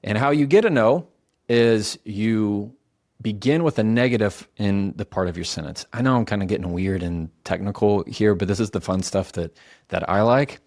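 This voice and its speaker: Man, low voice, casual coaching talk, dry close sound, slows down for emphasis, restarts sentences. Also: a little mellow, dry recording. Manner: conversational, self-correcting, slows down for emphasis. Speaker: communication coach.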